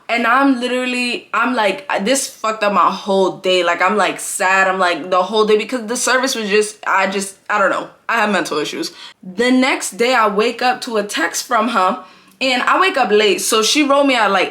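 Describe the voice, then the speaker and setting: A woman's voice: mid-range voice, moderate pace, bright, forceful tone. A young woman in a casual storytime vlog, with a mid-range voice for a woman. She talks in a loose, slangy way and fills her sentences with "like" and "bro". She sounds like she is chatting straight to her viewers. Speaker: vlogger.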